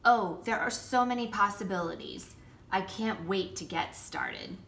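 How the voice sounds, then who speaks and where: A woman voicing a gentle, friendly male hermit crab in a children's storybook, speaking politely and admiringly. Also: mid-range voice, wildly swooping pitch, a little slow, gravelly, a little hiss or hum, full character voice. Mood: eager. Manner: polite, admiring, softly pleading.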